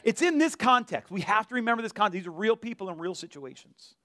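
Animated male pastor preaching. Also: high-pitched, quick pace, no echo, clean studio sound. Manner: animated preaching, acts out biblical voices. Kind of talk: sermon.

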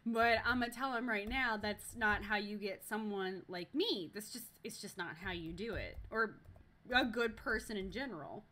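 A young woman chats on her live stream, telling a story in a bright, clear voice. She talks in a loose, animated way, swears freely, and trips over her own sentences with plenty of fillers. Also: medium pitch, normal speed. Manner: animated, profane, lots of fillers and restarts.

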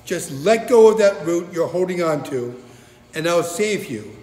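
A pastor voicing the Lord answering from above in a calm, unhurried way, in a reverberant hall. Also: male voice, high-pitched.

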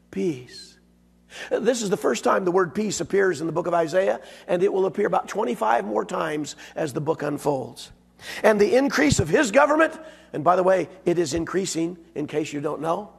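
A man preaching a sermon in a hoarse, raspy voice. He talks in a folksy, emphatic way and punches his key words. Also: high voice. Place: church sanctuary. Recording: long reverb of a church sanctuary.

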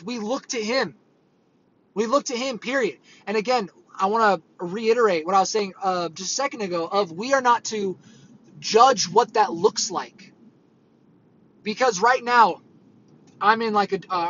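A man's voice: high voice, fairly bright tone, a little hiss or hum. A man giving an earnest, conversational sermon that rambles with fillers, on dull lo-fi audio. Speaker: preacher. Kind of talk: informal sermon.

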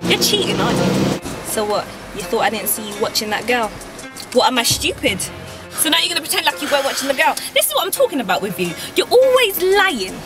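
A woman's voice: sits high, very animated, a little fast. A young woman playing a nagging, accusing girlfriend in a comedy sketch. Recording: loud music behind.

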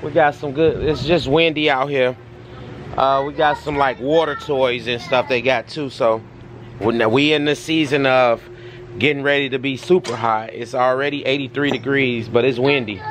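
A man's voice: mid-range voice, steady tone, normal speed, a bit bright. A man, a father hosting a casual family vlog from his backyard, chatting loosely to viewers and cheering his kids on. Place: windy backyard outdoors. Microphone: handheld phone. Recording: windy outdoor phone recording.

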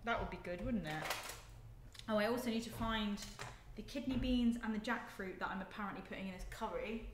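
A woman's voice: medium pitch, fairly quick. A young woman chats through a cooking live stream, laughing easily and talking to viewers as she moves around. She is recorded in an echoey home kitchen, and a faint noise sits under her voice. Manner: chatty, giggly, talks to viewers while moving around the kitchen. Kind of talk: casual live-stream chat while cooking.

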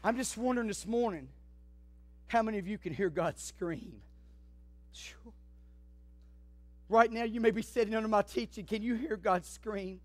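A man's voice: sits high, moderate pace, pauses often, dry recording. A man preaching a sermon as pastor, fervent and emphatic, speaking straight to his congregation. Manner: addresses the congregation directly.

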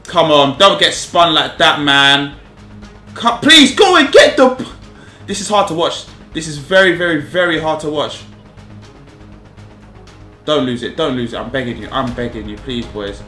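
A young man commentating live on his own football video game, animated, pleading and exasperated, full of slang. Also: fairly high pitch, a little slow, long pauses. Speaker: gaming YouTuber. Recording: echoey room with music behind.

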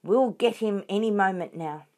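A woman voicing a fat, stubborn male farmer who shouts and blusters. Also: lowish voice, animated, normal speed, lightly acted. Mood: shouting.

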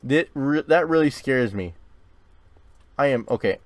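A young man hosting a gaming video, chatting casually and often swearing and yelling when startled, recording in a dark closet. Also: mid-range voice, animated, a little slow, no room sound. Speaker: gaming channel host. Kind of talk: casual game commentary.

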